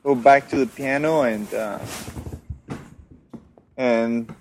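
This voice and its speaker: A man's voice: mid-range voice, slow. A man playing a tabletop game, talking hesitantly with many "um"s and "uh"s. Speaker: player. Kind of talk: casual tabletop game play.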